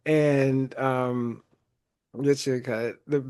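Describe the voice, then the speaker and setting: A man's voice: medium pitch, steady tone, drawn-out words, darkish tone, smooth. A man hosting a podcast, casually retelling a movie scene by scene, laughing often and acting out the lines he quotes. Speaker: podcast host.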